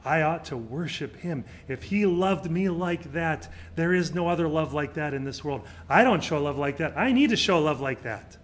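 A middle-aged male pastor preaching a sermon, swinging between loud emphatic peaks and quiet, soft passages. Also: fairly high pitch, lively intonation, normal speed, few pauses, a little hiss or hum.

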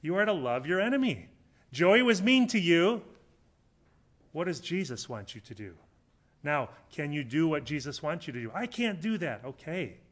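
A man preaching a sermon in an earnest, conversational way, swinging between loud emphatic lines and quiet, low asides. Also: expressive, normal speed. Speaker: pastor.

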